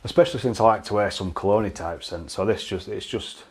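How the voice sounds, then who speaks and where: A man's voice: on the low side, brisk, husky. A man with a Yorkshire accent reviewing a beard product in a casual, blunt, chatty way, swearing freely and restarting his sentences. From Yorkshire, England.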